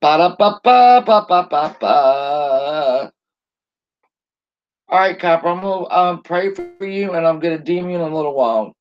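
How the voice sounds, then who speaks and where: A middle-aged woman hosting a casual live stream, chatting warmly and greeting viewers by name. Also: on the low side, quick pace, few pauses, soft background music. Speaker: livestream host. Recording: dull lo-fi stream audio.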